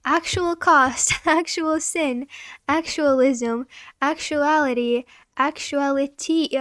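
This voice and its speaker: A woman streamer works through a dictionary word by word at an unhurried pace. Her voice sits high, and she giggles whenever a tricky term trips her up. The sound is dry and close, with no room around it. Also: fairly bright tone, dry recording. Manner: giggly, stumbles over hard words. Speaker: vtuber. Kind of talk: reading dictionary entries aloud.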